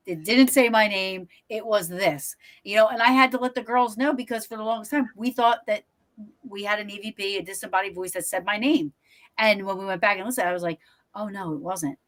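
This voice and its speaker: Speaking a little fast in a mid-range voice, this woman, who investigates the paranormal, recounts stories with animation on a casual podcast. She performs quotes rather than just reporting them.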